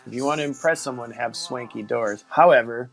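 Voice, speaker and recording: A man's voice: mid-range voice, a little fast, creaky, fairly bright tone, faint music behind, low-quality recording. A man hosting a casual interview, enthusiastic and a little rambling. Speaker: host. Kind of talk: casual video-call interview.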